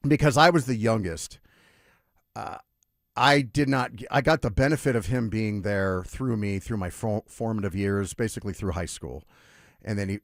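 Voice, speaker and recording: A sports radio host with a fairly low voice tells stories casually and animatedly, full of lively asides, into a studio microphone with no echo.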